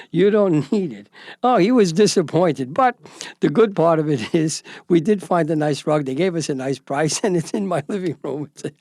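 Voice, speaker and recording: A man's voice: on the high side, vocal fry, a little mellow, dry recording. Older male storyteller host, wry, chuckles, dry close-miked podcast. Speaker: host, retired judge. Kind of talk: storytelling anecdote.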